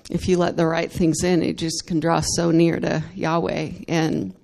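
A woman's voice: deep voice, little pitch movement, measured pace, creaky, a little mellow. A woman giving an earnest, emotional testimony in worship, laughing between phrases and growing more fervent as she goes. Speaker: church member giving testimony.

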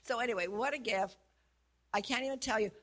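A prayer facilitator shares her experience in a casual testimony, earnest yet laughing often. Her voice is a little high, fairly bright, and a little fast.

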